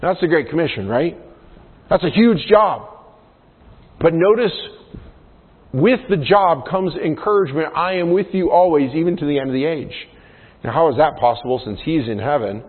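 A man's voice: fairly high pitch, lively intonation, normal speed, husky. A man preaching a sermon as pastor, earnest, often putting questions to the congregation. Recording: tinny phone-like sound with long hall reverb.

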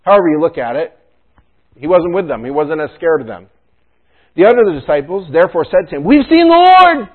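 A man's voice: on the high side, fairly quick, long pauses. A man preaching a conversational sermon as pastor, chatty and joking in his asides. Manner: casual, chatty asides and jokes. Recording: tinny phone-like sound.

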